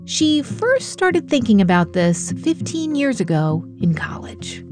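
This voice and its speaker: A woman hosting a radio show, narrating a scripted story in a clear, measured way. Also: a little high, sing-song. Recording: music bed under the voice.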